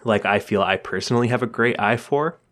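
A man's voice: medium pitch, a little fast, fairly bright tone. A man co-hosting a podcast, chatting casually and laughing often between thoughts. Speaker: podcast co-host. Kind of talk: casual chat about comics.

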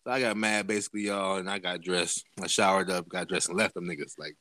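A man's voice: sits low, steady tone, fast, bright, forceful tone, dry recording. A man casually telling a profane story to friends on a podcast, acting out the people he quotes with big jumps in his voice. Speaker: podcast host.

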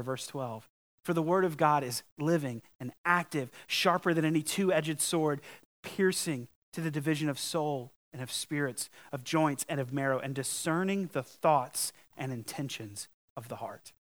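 A man's voice: a little high, fairly bright tone. Earnest, conversational male preacher. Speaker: pastor. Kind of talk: sermon.

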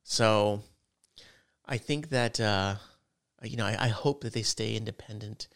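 A man's voice: on the low side, a little slow, vocal fry. A middle-aged father co-hosting a gaming podcast, rambling through stories and acting out little exchanges. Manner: rambling storyteller, acts out haggling with rising voice. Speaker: podcast co-host. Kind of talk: casual chat.

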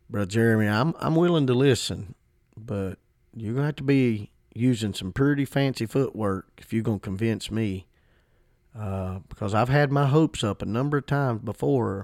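A man's voice: fairly low pitch, normal speed, gravelly, a little mellow, no room sound, clean studio sound, voice pushed down. A man voicing a wary, hurt male listener who doubts what he is told and speaks in a guarded, grudging way. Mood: skeptical.

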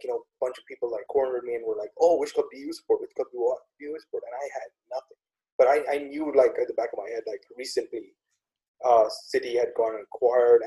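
Male host, dark mellow tone, animated storyteller, acts out quotes. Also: medium pitch, low-quality recording. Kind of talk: casual chat.

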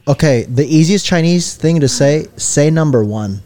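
A young man co-hosting a podcast in casual chat, teasing his friend and laughing loudly. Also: fairly high pitch, animated, moderate pace. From Filipino heritage. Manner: teasing, goofy, loud laughs. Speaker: podcast co-host.

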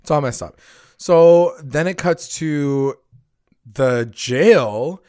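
A man recapping a TV episode in casual chat, animated, swearing often and acting out the characters' lines. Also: on the high side, extremely slow, clean tone, dry recording, clean studio sound. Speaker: podcast host recapping a TV episode.

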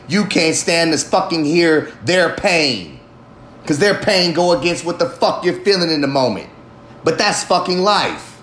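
A man's voice: on the high side, fairly bright tone, slight background noise. A man delivering an impassioned, heavily profane monologue, ranting with emphatic force. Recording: roomy echo.

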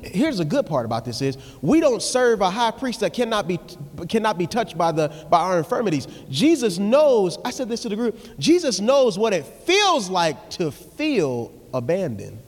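An animated male preacher with a high, lively voice that swings up and down as he acts out the voices he quotes. His sermon rings with a long hall reverb.

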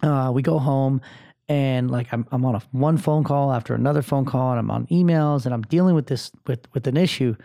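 A thirtysomething podcast host gives a meandering motivational speech, blunt and heavy on swearing and fillers. His mid-range voice is brisk, creaky, and mellow.

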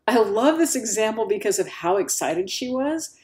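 A woman's voice: mid-range voice, lively intonation, normal speed, hardly any pauses, darkish tone. A middle-aged woman hosting a solo podcast, chatty and upbeat, acting out quoted voices as she tells stories. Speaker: podcast host.

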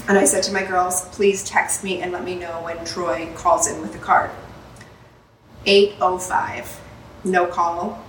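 A woman's voice: fairly low pitch, flat delivery, slow, recorded from a distance, a little hiss or hum. A woman, a salon owner hosting a podcast, telling a story with lots of swearing and laughter. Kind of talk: casual storytelling chat. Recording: roomy, off-mic with faint ambience.

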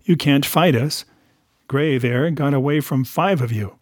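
A man's voice: mid-range voice, a little slow, dry recording, clean studio sound, lightly acted. A man voicing a stern ship's captain who speaks in clipped, commanding sentences. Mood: defiant. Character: stern middle-aged male ship's captain, unbending.

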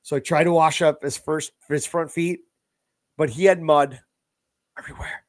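A man co-hosting a podcast, telling a profane, animated story in casual chat. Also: fairly high pitch, normal speed, no room sound. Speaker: podcast co-host.

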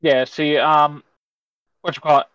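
A man's voice: fairly high pitch, little pitch movement, unhurried, fairly bright tone, clean tone, no echo. Wisecracking man. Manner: wisecracking, blunt, swears a lot. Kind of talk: casual chat. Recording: dull lo-fi sound.

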